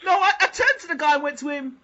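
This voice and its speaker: A man's voice: very high voice, fast, lo-fi sound. A British man hosting a casual interview, telling stories with animation and frequent laughter. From United Kingdom. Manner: animated storyteller, laughs often. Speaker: host.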